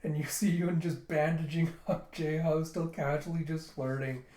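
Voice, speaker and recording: A man's voice: fairly high pitch, normal speed. Chatty man in a roomy echo. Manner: animated, laughing, switching into character voices. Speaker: manga reviewer. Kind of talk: casual read-through.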